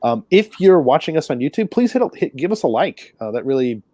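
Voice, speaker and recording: A man's voice: on the high side, very animated, a little fast, warm tone, no room sound. A man hosting a casual podcast, easygoing as he wraps up the episode with plugs and jokes. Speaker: podcast host.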